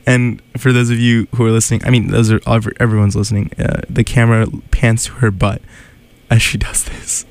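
A man's voice: medium pitch, level tone, quick pace, hardly any pauses. A man hosting a radio show, chatting casually and animatedly, laughing and sounding incredulous. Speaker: radio host.

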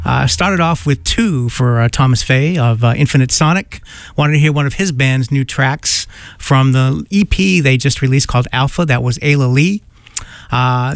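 A man hosting a local radio show in a studio, talking loosely and rambling with many pauses and fillers. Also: medium pitch, no echo. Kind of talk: casual radio chat.

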